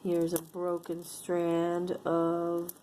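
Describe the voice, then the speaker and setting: A woman talks slowly and casually to a camera while she goes through a box of beads and bracelets. Her voice sits a little low, and she muses aloud with small bursts of delight. A faint background noise hangs under her voice. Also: monotone, mellow. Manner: chatty, musing aloud, easily delighted. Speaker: vlogger sorting jewelry for sale. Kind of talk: casual show-and-tell chat.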